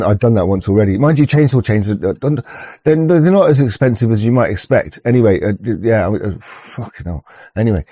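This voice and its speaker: Dark-voiced crude man rambling. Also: medium pitch, dry recording. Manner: crude, swearing, stammering restarts. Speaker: online show host. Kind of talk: rambling casual monologue. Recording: dull lo-fi recording.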